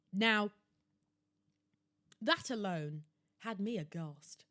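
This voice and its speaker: A woman's voice: on the high side, animated, normal speed, dry recording, clean studio sound. A young woman hosting her own podcast, ranting theatrically and sarcastically about shopping. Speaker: podcast host. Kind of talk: casual solo podcast rant. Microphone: laptop setup at home.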